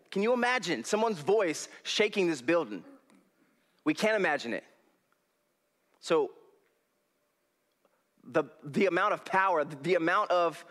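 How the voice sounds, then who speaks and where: Folksy preacher man. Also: sits high. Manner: folksy and animated, laughs often. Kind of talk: sermon. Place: church hall. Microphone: headset.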